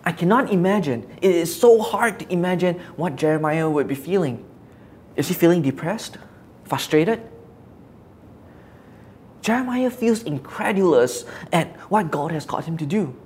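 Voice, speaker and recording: Brief: an earnest preacher at mid pitch, reflective, with a faint hum behind the voice. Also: lively intonation, moderate pace, darkish tone. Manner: earnest, reflective, asks rhetorical questions. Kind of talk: Bible teaching.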